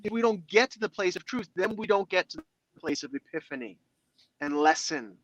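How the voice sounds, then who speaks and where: A man's voice: sits high, moderate pace, no room sound, rough recording. A man speaking as a guest in a motivational interview, talking expressively and acting out inner dialogues. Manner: expressive, acts out inner dialogues in other voices.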